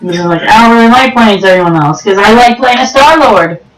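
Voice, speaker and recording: A man giving chatty, excitable let's-play commentary over a video game, sometimes pleading and whiny. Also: sits high, brisk, recorded from a distance. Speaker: gaming YouTuber. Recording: echoey room with game music behind. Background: game music.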